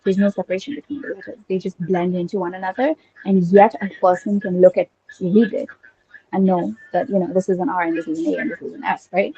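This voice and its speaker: A woman's voice: mid-range voice, mellow, breathy edge, muffled recording. A young woman whose first language is Urdu, talking eagerly in casual conversation and thinking aloud with many fillers and restarts. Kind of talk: casual conversation about linguistics.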